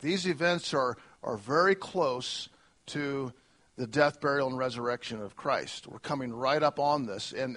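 A pastor preaching a conversational sermon, pausing and restarting as he talks, with self-deprecating humor. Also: mid-range voice, fairly bright tone.

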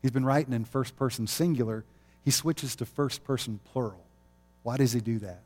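Mellow-voiced man preaching conversationally. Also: mid-range voice, moderate pace. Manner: conversational, chuckling often. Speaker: pastor. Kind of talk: sermon. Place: chapel.

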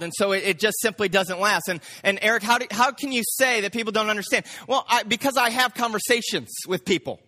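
High, bright, excitable preacher man. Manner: excitable, gets loud and amped up; repeats words when he speeds up. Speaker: pastor. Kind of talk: sermon. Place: church, speaking from the front.

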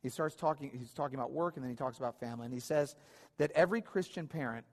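A man's voice: medium pitch, fast, a little mellow. Man preaching in a reverberant hall. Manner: conversational, many restarts and repeated phrases. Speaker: pastor. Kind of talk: sermon. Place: church hall.

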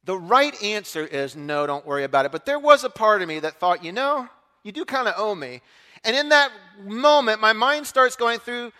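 Man, middle-aged, preacher, animated storytelling, bright forceful voice, long hall reverb. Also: high-pitched, normal speed, smooth. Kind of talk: storytelling sermon.

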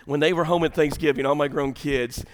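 A man, preaching an animated sermon full of comic stories, swinging from shouts to hushed lines. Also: fairly high pitch, a little fast. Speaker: pastor.

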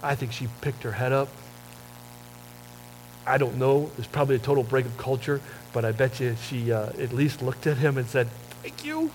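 A man preaching a sermon in a conversational storytelling way, often dropping soft and low for emphasis. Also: steady tone, normal speed, a little hiss or hum, rough recording. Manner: self-described wordy talker. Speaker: pastor.

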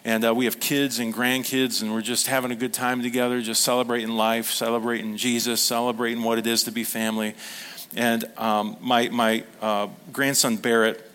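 A grandfatherly man in his fifties preaches a sermon in an easygoing, conversational way. He tells stories and keeps turning to his listeners with questions, his pitch sitting in an ordinary middle range. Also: fairly bright tone. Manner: conversational storytelling, asks the audience questions. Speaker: pastor.

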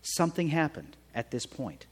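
A man preaching a sermon in a conversational way, often checking in with his listeners with a quick "right?". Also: a little high, sing-song, slightly rough, in a large hall. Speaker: pastor.

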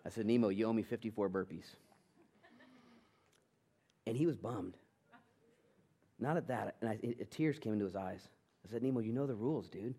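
Middle-aged male pastor, sermon delivery, animated, loud peaks dropping to near-murmurs. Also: on the low side, normal speed, pauses often, husky. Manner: animated preaching, swings from loud emphasis to soft intimate tones. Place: church sanctuary.

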